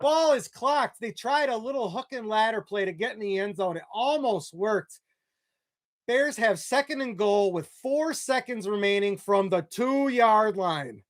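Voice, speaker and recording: Nervous excitable man calling a game. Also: sits high, measured pace, no room sound, studio quality. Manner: nervous, excitable, voice jumps when plays unfold. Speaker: fan commentator. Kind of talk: biased fan play-by-play.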